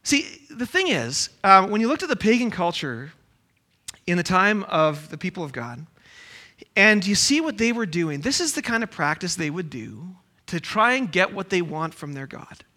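Brief: male pastor with a high voice, preaching and asking rhetorical questions. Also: big pitch swings, normal speed, bright, forceful tone. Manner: reads scripture, then explains with rhetorical questions. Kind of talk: sermon.

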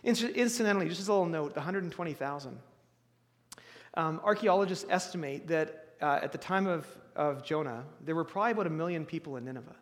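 A high-pitched man delivers a sermon, talking conversationally with restarts and bursts of emphasis. His voice rings with the long reverb of a large hall. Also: quick pace. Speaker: pastor.

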